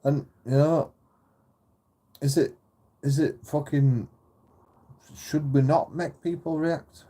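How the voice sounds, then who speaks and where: A man's voice: fairly high pitch, steady tone, takes it slowly, dark tone. A man ranting profanely to camera in a repetitive monologue vlog. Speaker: channel host.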